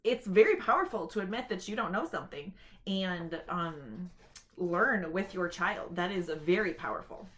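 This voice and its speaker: A woman's voice: fairly low pitch, animated. Woman, informal talk to camera, chatty explanatory delivery, parent sharing reading tips. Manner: chatty and explanatory, with quick read-aloud demonstrations.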